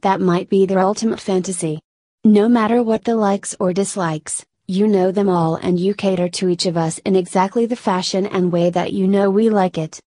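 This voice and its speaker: A woman reading an intimate devotional prayer in an adoring, unhurried way. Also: mid-range voice, fairly even intonation, mellow, dry recording.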